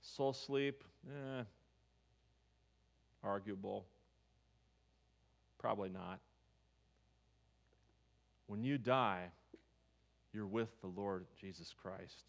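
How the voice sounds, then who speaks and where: A man's voice: on the low side, extremely slow, vocal fry, pauses often. Conversational male pastor preaching a sermon. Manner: conversational, asks the congregation questions.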